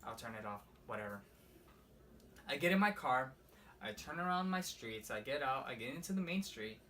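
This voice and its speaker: A man's voice: mid-range voice, lively intonation, normal speed, bright, forceful tone. Rambling young man telling a ghost story. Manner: rambling, profane, heavy use of "like". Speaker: vlogger. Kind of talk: casual storytime vlog. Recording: slightly distant mic with faint room noise.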